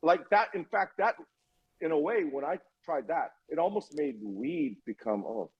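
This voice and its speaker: On the high side and slightly rough, this man's voice moves at a moderate pace over dull audio. A podcast guest in his 50s, he tells his story in an animated interview chat, playing out the dialogue and swearing a lot.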